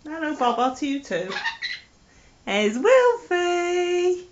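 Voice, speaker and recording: A woman talks to her pets in a high, sing-song voice that leaps up and down, cooing baby talk and teasing them fondly. The sound is a dull, faintly hissy home camcorder recording. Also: very animated, measured pace, fairly bright tone. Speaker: pet owner filming her parrots. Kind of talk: home video, chatting to pets.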